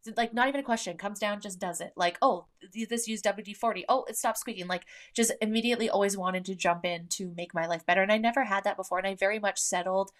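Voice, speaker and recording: A woman's voice: mid-range voice, fast, few pauses. A woman in her thirties hosting a podcast in casual chat. She talks candidly and swears freely, with many fillers. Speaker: podcast host.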